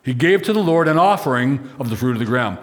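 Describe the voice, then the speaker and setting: A man's voice: medium pitch, animated, quick pace. A man preaching a sermon, walking through a scripture passage and putting questions to the congregation. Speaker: pastor. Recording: long reverb of a large hall.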